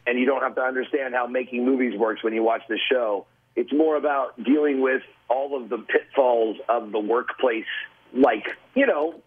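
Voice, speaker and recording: A man in his forties calling into a radio show by phone, a relaxed, chatty storyteller. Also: mid-range voice, breathy edge, phone-quality sound. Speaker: celebrity guest calling in. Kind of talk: phone interview.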